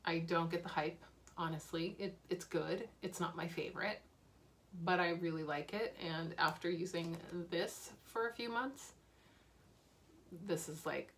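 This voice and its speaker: A woman's voice: on the low side, a little slow, fairly bright tone, a little hiss or hum. A woman beauty vlogger talking casually and candidly about makeup she is using up, with fillers and small laughs. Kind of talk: casual chat.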